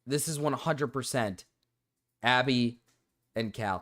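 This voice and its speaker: A man's voice: medium pitch, slow, long pauses, fairly bright tone, no room sound, studio quality. A man streaming live, chatting loosely with his viewers, joking and swearing casually as he reads the chat.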